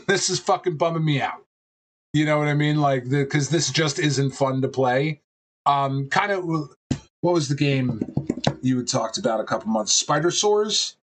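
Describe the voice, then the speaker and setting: A man co-hosting a casual podcast, animated and rambling, swearing often and filling pauses with ums. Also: a little high. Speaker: podcast co-host. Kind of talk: casual chat.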